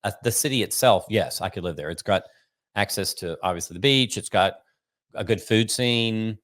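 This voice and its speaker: A man co-hosting a podcast in casual chat, teasing his friend and asking quick follow-up questions. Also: fairly low pitch, a bit bright. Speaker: podcast co-host.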